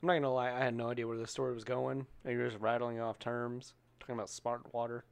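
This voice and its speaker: A man's voice: mid-range voice, quick pace, creaky, clean tone. A man chatting casually on a podcast, telling stories with lots of swearing and laughter. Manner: profane, animated storytelling with bursts of laughter.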